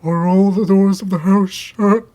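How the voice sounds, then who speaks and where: A man's voice: high-pitched, fairly even intonation, unhurried, mellow, voice pushed up. A man reading an audiobook, voicing a terrified male tramp who shrieks and pleads frantically.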